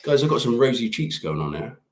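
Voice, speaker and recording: A man's voice: mid-range voice, sing-song, a little fast, reverberant. A British man co-hosting a live chat stream, joking and rambling loosely. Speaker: livestream co-host.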